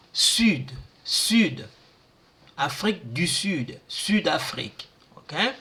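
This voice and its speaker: A man teaching pronunciation, repeating syllables and words slowly for learners. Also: on the high side, sharp tone. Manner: slow, repeats sounds and words aloud for learners. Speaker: language teacher. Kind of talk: pronunciation lesson.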